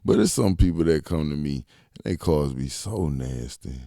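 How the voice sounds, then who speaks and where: A man casually telling funny stories on a talk show, animated and laughing often, swearing freely and acting out what his friends said. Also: very deep voice, moderate pace, vocal fry, no room sound, clean studio sound. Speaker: podcast co-host. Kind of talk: casual storytelling chat.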